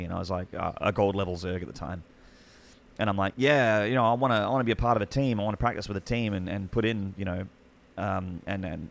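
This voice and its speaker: Aussie male guest, husky-gravelly low voice, chatty, excitable storyteller. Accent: Australian. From Australia. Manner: rambling, excitable anecdotes with many restarts. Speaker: podcast guest, esports commentator. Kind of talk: casual storytelling chat.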